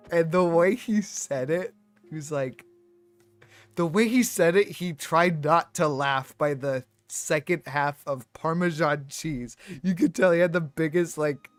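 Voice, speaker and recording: A man streaming, telling a story in a rambling, animated way with many restarts and fillers. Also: on the high side, takes it slowly, dry recording, faint music behind. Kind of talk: casual storytelling on a live stream.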